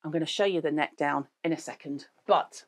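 A middle-aged woman talks through beauty products in a blunt, sweary, joking way. Her voice sits a little low for a woman. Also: fairly quick. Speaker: beauty show host. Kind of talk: casual chat reviewing products.

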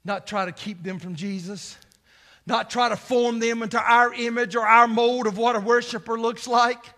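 A male pastor preaching a sermon, swinging from shouts to hushed asides. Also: very high-pitched, fairly even intonation, normal speed.

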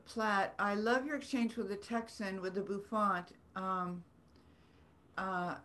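A woman's voice: mid-range voice, steady tone, slow pace, a bit bright. A woman, an author telling rambling, earnest stories with self-deprecating humor on a video call. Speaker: author guest. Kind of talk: storytelling in a video-call book club.

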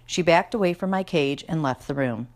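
A woman's voice: deep voice, moderate pace. A woman reading a children's storybook aloud in a chatty first-person narration. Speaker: reader.

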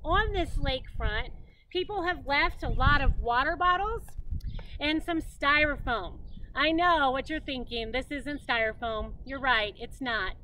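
High-voiced woman PE teacher, distant mic. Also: pushed and bright, slight background noise. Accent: American. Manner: upbeat, addresses children directly with frequent "okay?". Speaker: physical education teacher. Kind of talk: classroom lesson explanation.

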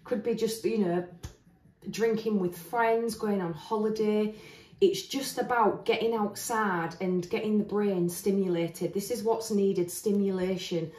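A woman stands at a table of cards indoors, doing a casual tarot reading in a chatty, earnest manner with restarts as she thinks aloud. She speaks a little slowly in a medium-pitched, slightly mellow voice with fairly even intonation. The echoey room makes her sound distant.

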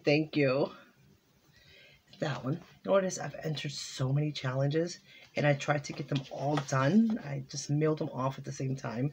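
A woman with a low, husky voice vlogs casually at home, chatting as she opens holiday cards and crafting mail. She exclaims over each one.

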